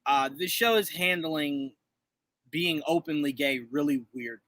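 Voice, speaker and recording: A man in his thirties co-hosting a casual show review, talking in an animated way and acting out voices as he tells stories. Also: a little high, a little slow, no room sound. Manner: animated, acts out quoted voices. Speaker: podcast co-host.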